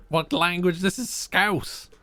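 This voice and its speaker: A man's voice: sits high, pushed and bright, dry recording. Playful man streaming a game. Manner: playful, joking, reads choices aloud. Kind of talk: live game playthrough, reading aloud and chatting.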